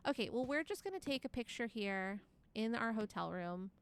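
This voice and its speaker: A woman's voice: fairly high pitch, animated, moderate pace, clean tone. A young woman streaming a game live, chatting casually, reading chat aloud and laughing often.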